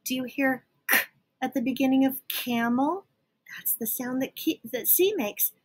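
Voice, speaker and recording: A young woman teaching young children letter sounds, slowly and patiently sounding out each letter. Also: on the high side, expressive, a bit bright. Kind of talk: phonics lesson for young children.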